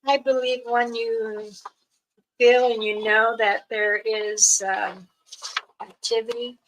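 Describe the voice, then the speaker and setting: Older woman, spiritual elder, unhurried halting speech, bright forward voice, casual talk to viewers. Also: a little high, steady tone, a little hiss or hum, rough recording. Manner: slow, soft-spoken, halting with pauses. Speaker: spiritual elder and channel host.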